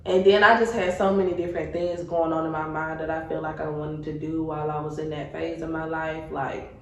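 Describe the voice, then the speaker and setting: A woman's voice: low voice, flat delivery, fairly quick. Laid-back woman, distant roomy mic. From Atlanta, Georgia, USA. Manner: laid-back, frank, slangy, says "like" a lot. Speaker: guest, army veteran and blogger. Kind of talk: casual podcast conversation. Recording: roomy, distant mic, faint background noise.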